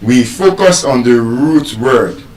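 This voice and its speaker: Guy teaching stress rules, very slow, keeps repeating the words, sounds roomy. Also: mid-range voice, animated, darkish tone. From Nigeria. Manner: deliberate and teacherly, repeats key terms. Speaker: English language teacher. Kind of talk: live speech lesson on word stress. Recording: roomy sound, mic far off.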